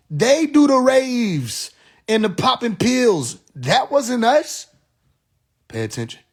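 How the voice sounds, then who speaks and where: A man's voice: very high voice, gravelly. A man hosting a live stream, talking in a preachy, profane monologue and laughing at his own jokes.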